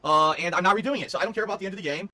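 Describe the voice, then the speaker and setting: Man, very high voice, exasperated game commentary, repeating himself, music behind. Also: very fast. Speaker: gamer. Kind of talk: let's play commentary.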